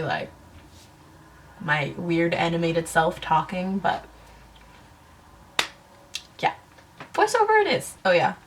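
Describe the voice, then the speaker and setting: Woman, casual bedroom vlog, giggly, rambling, self-conscious, lowish voice. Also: slight background noise. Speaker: beauty vlogger. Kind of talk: casual talk to camera. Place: her bedroom.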